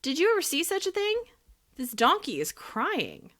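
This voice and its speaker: A woman's voice: high voice, wildly swooping pitch, moderate pace, a bit bright, voice pushed up, full character voice. A woman voicing an earnest young wooden puppet boy in a storybook reading. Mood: amazed.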